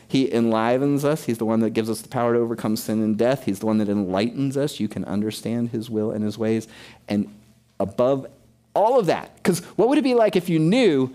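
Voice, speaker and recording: A man's voice: medium pitch, dark tone. A middle-aged man preaching a sermon with emphasis, asking questions of his congregation. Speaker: pastor.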